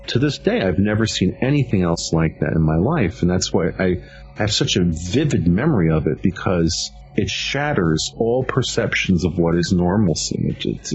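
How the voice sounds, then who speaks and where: A middle-aged man giving a vivid, animated first-hand account as a witness, often restarting his sentences. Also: low voice. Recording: dull lo-fi audio with faint music.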